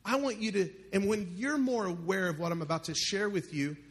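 Male pastor, high-pitched, preaches to a live church crowd, playful, keeps quizzing the congregation. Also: brisk. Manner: joking, calls out questions to the congregation. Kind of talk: sermon.

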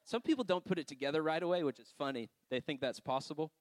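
A man's voice: on the high side, animated, quick pace, dry recording. A man preaching a sermon, telling personal stories in a loose conversational way with frequent laughs and asides. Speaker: pastor.

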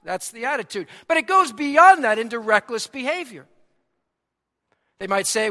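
Pastor, male, Boston accent, bright high voice, emphatic sermon delivery in a reverberant hall. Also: lively intonation, moderate pace. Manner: emphatic preaching, swings from soft to loud. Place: church sanctuary.

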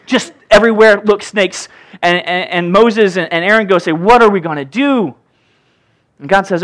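A man preaching a sermon as pastor, reading scripture and joking with the congregation in a lively, playful way. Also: high-pitched, normal speed.

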